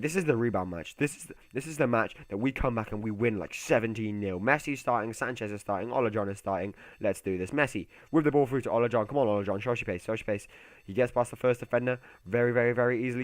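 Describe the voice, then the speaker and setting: A young man giving casual, chatty commentary over a football video game, excitable and given to muttered asides. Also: mid-range voice, racing, no echo. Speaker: gaming YouTuber.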